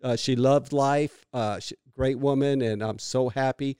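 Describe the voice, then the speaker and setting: Middle-aged man, animated storyteller. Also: medium pitch, measured pace, smooth, dry recording, clean studio sound. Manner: animated storyteller who laughs often. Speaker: podcast co-host. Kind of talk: casual chat.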